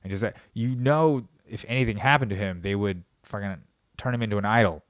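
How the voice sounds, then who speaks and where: A man with a lowish, smooth and resonant voice delivers a rambling comic rant on his podcast. He riffs sarcastically, breaking into laughter, jumping between loud bursts and muttered throwaway lines. The sound is close and dry. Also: fairly quick, no echo. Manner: swings between loud outbursts and mumbled asides. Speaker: podcast host. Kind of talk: comedic monologue.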